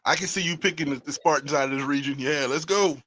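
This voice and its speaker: Laid-back man bantering, fairly high voice. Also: quick pace, a crowd in the background. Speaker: podcast co-host. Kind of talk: casual sports chat.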